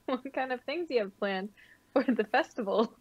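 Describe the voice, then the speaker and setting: A woman's voice: a little high, moderate pace, slightly rough, no echo, muffled recording. A woman playing a tabletop game, chatting casually and laughing often. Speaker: player.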